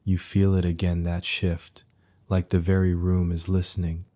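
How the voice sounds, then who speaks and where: Very deep, soft-spoken male storyteller. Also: completely flat delivery. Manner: soft, hushed, unhurried. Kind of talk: soothing sleep story narration.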